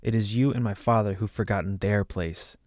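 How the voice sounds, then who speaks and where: A brave young princess, as a man reads her, stands her ground in an earnest, resolute voice. It sits low and the sound is dry. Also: steady tone, a little fast, a little mellow, dry recording, lightly acted. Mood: defiant. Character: defiant young princess, brave but shaken.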